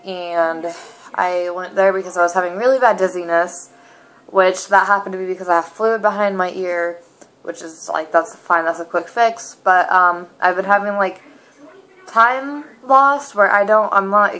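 A young woman in a casual home vlog, talking in a rambling, halting way full of asides from her apartment. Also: medium pitch, a bit bright, low-quality recording. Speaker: vlogger.

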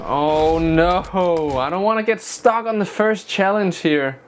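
A man's voice: sits high, takes it slowly. A man commentating a skateboarding game playthrough, talking through his frustration with exclamations and self-mocking asides. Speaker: gameplay streamer. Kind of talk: let's play commentary. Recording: noisy recording.

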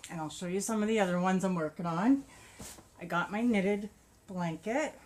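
A woman's voice: medium pitch, moderate pace, a little hiss or hum. A woman vlogger chatting casually about her crochet projects and yarn, gushing and laughing often. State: a bit out of breath. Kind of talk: casual show-and-tell chat.

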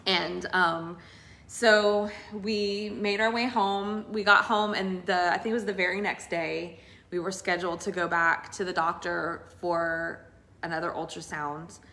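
A woman's voice: on the low side, measured pace. Earnest woman telling a testimony. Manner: emotional, earnest, animated retelling. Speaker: co-host sharing a testimony. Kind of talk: casual testimony storytelling.

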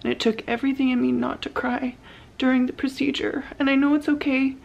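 A woman's voice: sits high, level tone, a little fast, creaky, darkish tone, muffled recording. A woman in her thirties recording a personal video diary, speaking openly and emotionally, tearful at times. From California. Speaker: vlogger sharing her cancer journey.

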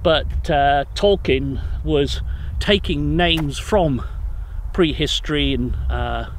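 A man's voice: a little high, slow, a little hiss or hum. A man guiding a river trip, explaining outdoors in a thoughtful, hesitant, knowledgeable way. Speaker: paddling trip guide.

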